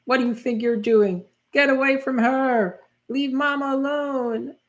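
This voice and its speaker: A reader voicing a scared young boy in a live read-through of a manga chapter, the voice high and strained. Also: normal speed, gravelly. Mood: defiant.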